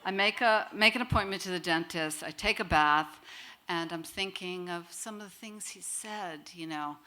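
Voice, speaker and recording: A middle-aged woman telling a personal story live to an audience, in a lively, wry way, acting out quoted voices. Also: fairly low pitch, moderate pace.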